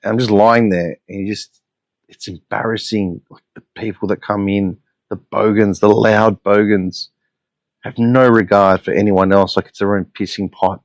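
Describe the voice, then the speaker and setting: A man's voice: fairly low pitch, steady tone, moderate pace, no room sound. An Australian man hosting a solo podcast, telling stories in a blunt, profane, exasperated way. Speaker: podcast host.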